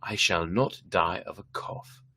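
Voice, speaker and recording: A man voicing a drunken, proud male wine connoisseur dressed in jester's motley, with shrill, excited exclamations, in a dramatic story reading. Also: unhurried, husky, full character voice. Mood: dismissive.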